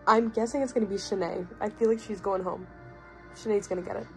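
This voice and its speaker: A woman's voice: medium pitch, fairly even intonation, fast talker, a little mellow, soft background music. A young adult woman vlogging casually into a handheld phone, rambling with lots of "like" and "um". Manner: rambling, fillers like "like" and "um". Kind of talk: casual chatty vlog. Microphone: handheld phone at arm's length.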